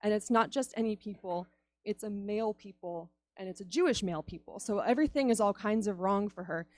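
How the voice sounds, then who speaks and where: A woman's voice: medium pitch, fairly quick, darkish tone, dry recording. A woman giving a conversational youth sermon, chatty and laughing often as she acts out stories. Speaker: youth speaker.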